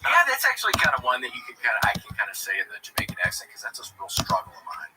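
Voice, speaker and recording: A man chatting casually on a podcast, spinning rambling, self-mocking stories with a lively, swooping voice. The audio carries loud background noise from a livestream. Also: medium pitch, racing.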